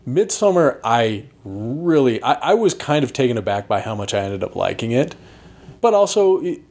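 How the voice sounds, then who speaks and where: A man co-hosting a podcast, chatting casually about movies in a rambling way, with lots of restarts. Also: normal speed. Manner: rambling, restarts often, animated pitch swings. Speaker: podcast co-host reviewing movies. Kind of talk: casual chat.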